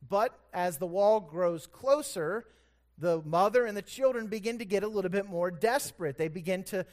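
High-voiced man preaching a conversational sermon. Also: normal speed, darkish tone. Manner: conversational preaching, corrects himself aloud; storytelling that builds in intensity. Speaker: pastor.

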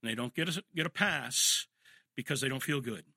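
A man's voice: medium pitch, a little fast, bright, forceful tone, breathy edge, no room sound, studio quality. An older man preaching a sermon, telling family anecdotes and acting out firm commands to children. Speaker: pastor.

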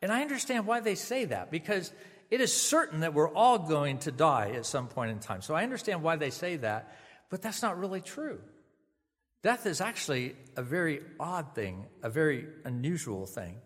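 A man giving a funeral sermon, speaking gently and conversationally with small restarts. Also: fairly high pitch, sing-song, moderate pace, long reverb tail. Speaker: pastor. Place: funeral service venue.

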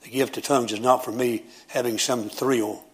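A man's voice: steady tone, moderate pace, husky. Fervent Southern preacher man. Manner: builds to high, shouting preaching. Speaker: pastor. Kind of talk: sermon.

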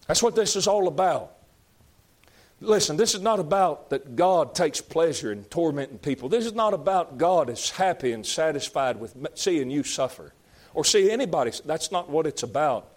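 A man preaching a fiery sermon, emphatic and repetitive, rising to shouts. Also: a little high, lively intonation, normal speed. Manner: folksy, emphatic, shouting at peaks, repeats lines.

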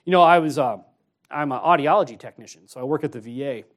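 A man, an associate pastor, preaching a sermon, telling a personal story in an easy conversational way and then exhorting more forcefully. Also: on the high side, fast talker. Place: church.

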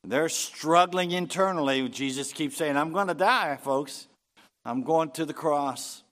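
A man preaching a sermon, reading scripture aloud and rising in pitch and force on key phrases. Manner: unhurried preaching, swelling louder and higher on key phrases. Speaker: pastor.

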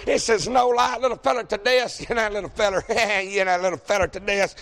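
A pastor, preaching a folksy, joking sermon that builds to shouting. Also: male voice, high-pitched, fairly even intonation, a little fast, a loud crowd, heavy background noise.

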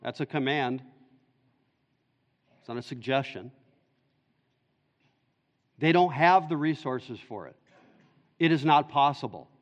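A man's voice: medium pitch, lively intonation, takes it slowly, pauses often. A male pastor preaching an expository sermon in an earnest, explaining way. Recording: dull echoey church hall recording.

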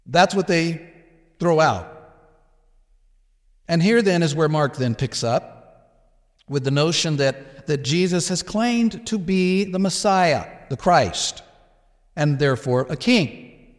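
A man gives a Bible teaching at an unhurried pace, explaining the passage step by step. His voice sits a little high for a man, and he slips into the quoted speakers' lines as he goes. A long reverb trails his words. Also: lively intonation. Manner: explanatory, with filler words and restarts, acting out quoted exchanges.

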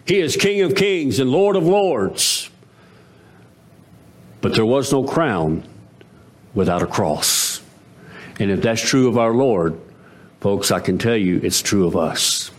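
A man's voice: medium pitch, expressive, slow pace, long pauses. A man preaching a sermon as pastor, with swooping emphasis that rises to emphatic peaks.

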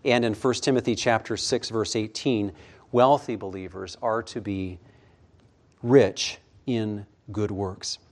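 A man preaching an expository sermon, measured, letting his voice fall soft at the ends of phrases. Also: fairly low pitch, steady tone.

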